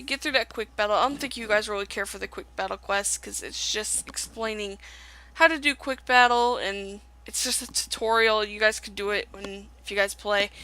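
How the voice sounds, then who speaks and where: A woman's voice: medium pitch, bright, forceful tone. A young woman giving casual, rambling commentary while playing a video game. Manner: chatty, rambling, with fillers. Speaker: gaming video creator. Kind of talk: casual let's-play commentary.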